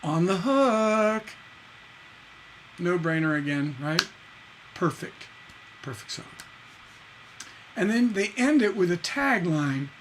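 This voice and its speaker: A man's voice: high-pitched, expressive, takes it slowly, long pauses, a bit bright, slight background noise. A man teaching a live-streamed songwriting lesson, casually explaining lyric stresses, singing and humming lines and tapping out da-da rhythms to show them. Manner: explains casually, checks in with "right?" and answers chat. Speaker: songwriting instructor.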